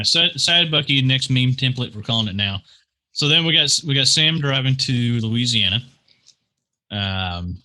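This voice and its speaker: A man co-hosting a casual podcast, recapping a show and making dry, deadpan teasing asides. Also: fairly low pitch. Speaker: podcast co-host. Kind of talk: casual chat.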